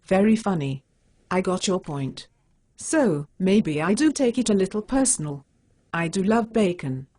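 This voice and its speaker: A blunt, stubborn female cat superhero from an animated short, spoken by a computer voice. She has a slightly husky, mid-height voice that jumps around in pitch. She speaks in short, flat statements. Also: a little slow. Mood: conceding. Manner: plain, blunt, defensive. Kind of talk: synthetic animated dialogue.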